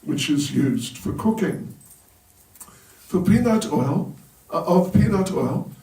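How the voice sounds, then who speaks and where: Man putting on a keen temple manager pushing a bargain, voice pitched up and pleading, sounding far off in an echoey hall. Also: lively intonation, takes it slowly, dark tone, exaggerated voice. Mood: eager pleading. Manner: pleading, persuasive. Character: eager male temple manager bargaining with his teacher. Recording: roomy hall, voice from a distance.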